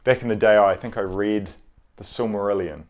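A young man giving a casual, rambling review, hesitant and low-key, with frequent pauses and restarts. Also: muffled recording. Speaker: video reviewer.

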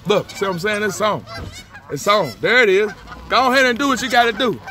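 A man's voice: sits high, brisk, voice pushed up, close to an everyday voice. A man voicing a male duck who guards his mate and chases off rivals in a bossy, streetwise way.

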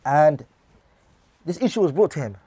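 A man's voice: on the high side, lively intonation, moderate pace, warm tone, slightly rough. A man teaching a religious class, reading lines of Arabic text and then explaining them in English while putting questions to his listeners.

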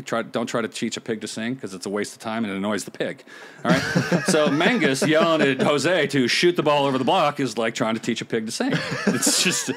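Casting note: middle-aged man, animated storyteller, mid-range voice, laughs a lot. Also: mid-range voice. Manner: animated, laughs often, acts out other people's lines. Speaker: podcast guest, former pro beach volleyball player. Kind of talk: casual storytelling.

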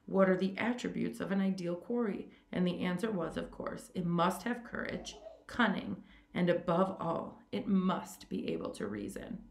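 A woman's voice: fairly low pitch, expressive, moderate pace, reverberant. A woman reading as a suave, cruel aristocrat hunter. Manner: smooth, amused and condescending. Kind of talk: story read aloud.

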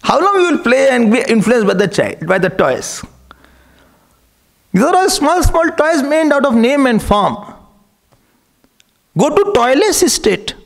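A man delivers a spiritual discourse, his voice pitched high and swinging widely up and down. There is a gravelly edge to his tone, and he keeps posing rhetorical questions and chuckling. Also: sing-song, a little slow, pauses often. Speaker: spiritual teacher.

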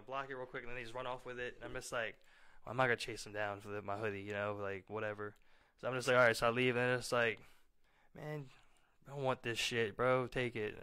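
Fast, bright-voiced man telling a story. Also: mid-range voice, smooth. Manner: rambling, many fillers and acted quotes. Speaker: podcast guest telling a story. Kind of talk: casual storytelling.

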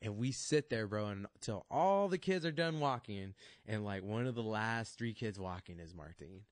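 A man's voice: fairly low pitch, expressive, moderate pace, no room sound. A laid-back man, a fight coach, telling a story from his childhood in loose casual chat. He swears freely and laughs often. The sound is close and dry, with no room around it. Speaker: podcast guest, fight coach.

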